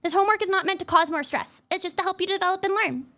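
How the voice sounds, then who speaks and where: A young woman VTuber with a high, bright voice chats casually on her livestream at a very fast pace. Teary and close to crying, she rambles emotionally and fills her speech with lots of "like."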